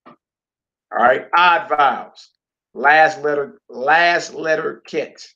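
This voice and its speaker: A man teaching a casual homeschool Hebrew lesson, slowly drawing out and repeating each word for his students. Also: on the high side, creaky, bright, forceful tone, highs cut off.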